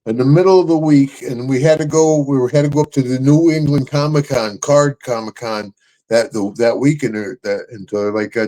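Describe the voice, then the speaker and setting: Older guy, loud and jokey, laughs a lot, middle pitch, chatty storyteller. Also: steady tone, normal speed. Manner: boisterous, laughs often, shouts catchphrase. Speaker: show host, retired wrestler. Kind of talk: casual storytelling chat.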